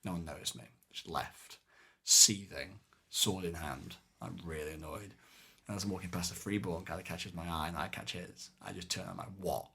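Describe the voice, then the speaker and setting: A man with a low, bright voice, telling stories on a casual podcast. He gets animated and acts out the shouts of the people in his tales. The talk runs on loosely, full of fillers. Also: normal speed, vocal fry. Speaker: podcast co-host. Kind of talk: casual storytelling chat.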